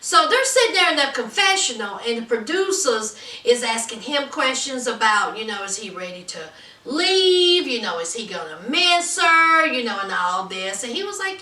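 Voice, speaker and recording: A woman's voice: high-pitched, normal speed, roomy sound, distant mic. A woman recapping a reality show in casual, gossipy commentary, acting out what people said. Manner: animated, gossipy, acts out quotes. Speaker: reality TV reviewer.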